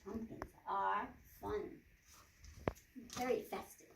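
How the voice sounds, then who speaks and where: A woman's voice: a little high, lively intonation, slow, noisy background. A woman librarian hosting a children's storytime, chanting rhymes playfully. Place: library room. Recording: echoey room, from far off.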